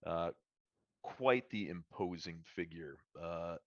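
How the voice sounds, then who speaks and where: A man narrating as dungeon master of a tabletop game on a live stream, halting and full of uh and um fillers. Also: low-pitched, a bit bright, no echo, lo-fi sound.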